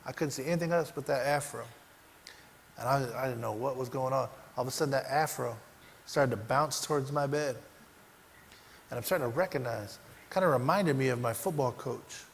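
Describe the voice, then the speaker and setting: Animated man telling a story on stage. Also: medium pitch, fairly quick, slight background noise. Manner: animated storyteller, swinging between loud and hushed. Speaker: keynote speaker. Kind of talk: motivational keynote storytelling. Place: large conference hall. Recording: echoey hall, faint ambience.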